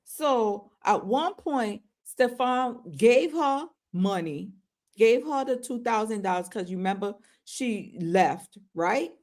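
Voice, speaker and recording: A woman's voice: on the high side, lively intonation, slow pace, a little mellow. A woman co-hosting a podcast who chats casually, chiming in and retelling what people said. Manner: chimes in, retells quotes. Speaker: podcast co-host. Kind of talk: casual gossip chat.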